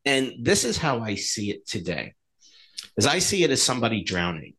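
A man co-hosts a casual podcast with a mid-pitched voice. His delivery is lively and swings up and down a lot as he tells stories and acts out the dialogue in them. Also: moderate pace, husky. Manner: animated storyteller, acting out dialogue. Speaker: podcast co-host.

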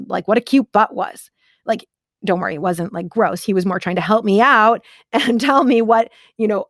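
A woman's voice: a little high, no room sound, clean studio sound. A woman speaker telling a personal story in an earnest, chatty way, full of "like" and "right?". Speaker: motivational speaker. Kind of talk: casual storytelling to camera.

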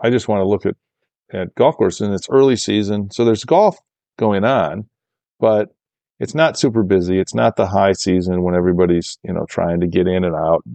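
Gravelly-voiced man telling a rambling story. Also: low-pitched, normal speed, dry recording. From Michigan, USA. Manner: rambling, animated when quoting others. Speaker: golf course architect guest. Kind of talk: casual storytelling interview.

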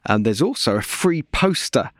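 A man's voice: medium pitch, very animated, moderate pace, no echo. Chatty man with a dry studio sound. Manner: chatty, laughs often, hesitant with ums. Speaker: podcast host. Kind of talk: casual chat.

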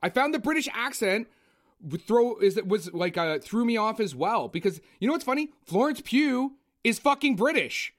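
A man ranting in a casual, profane film review chat, animated and blunt. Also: sits high, moderate pace. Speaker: podcast co-host.

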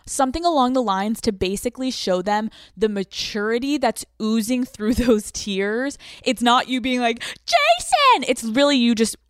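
A young woman hosting a podcast, giving blunt breakup advice with lots of swearing and quick laughs. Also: fairly high pitch, clean tone, no echo, clean studio sound. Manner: blunt, profane, laughs mid-sentence. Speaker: podcast host. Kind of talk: casual advice monologue.

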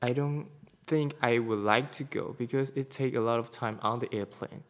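Hesitant man. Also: medium pitch. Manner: hesitant, halting, repeats words while searching for them. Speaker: podcast co-host. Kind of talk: casual chat in a second language.

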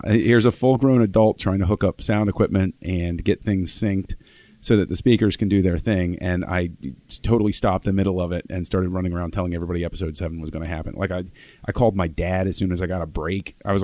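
Deep mellow guy on a podcast, gets all excited retelling stuff, dry sound. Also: quick pace, no room sound. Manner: excitable storyteller, acts out his own past excitement. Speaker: podcast guest. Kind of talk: casual podcast chat.

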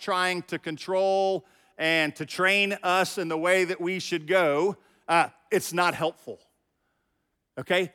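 A man's voice: high-pitched, pushed and bright, big-room sound. A middle-aged man preaching a sermon as pastor, talking conversationally and directly to his congregation. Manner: conversational, talks straight to the congregation.

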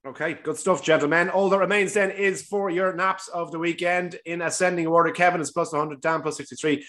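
Man, podcast host, racing tips chat, fast talker, bright tone, joking. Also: a little high, fairly even intonation. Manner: jokey, teasing, wraps up segments. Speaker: host of a horse racing tipping show. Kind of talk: casual tipping chat.

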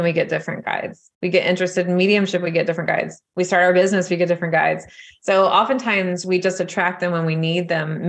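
A woman guest explaining spiritual guides in a chatty, easygoing conversation. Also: fairly low pitch. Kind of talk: casual chat.

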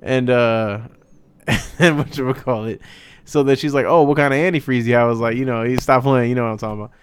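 A man's voice: mid-range voice, a little fast, a little hiss or hum. A young man telling a long, profane, joking story in a casual chat. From Hispanic family, father speaks Spanish. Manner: animated, profane, jokey storytelling.

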